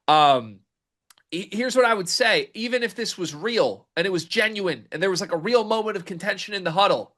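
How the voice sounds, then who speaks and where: A man's voice: a little high, expressive, normal speed, bright, forceful tone. A man hosting a casual sports talk show, emphatic and incredulous, with a rambling delivery. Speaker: sports podcast host.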